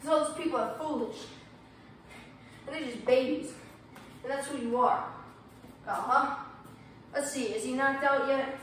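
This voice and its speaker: A woman's voice: high-pitched, unhurried, long pauses, a bit bright, heavy reverb, recorded from a distance, a little hiss or hum. A woman gaming vlogger playing a fighting game and trash-talking her opponent with playful tough-guy bravado.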